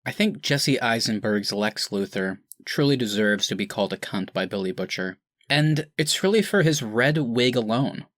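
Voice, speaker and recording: A man co-hosting a podcast in casual banter, his voice bright and forceful. He jokes in an animated way, swinging into mock outrage, and sounds close and dry. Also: medium pitch, normal speed, dry recording. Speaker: podcast co-host.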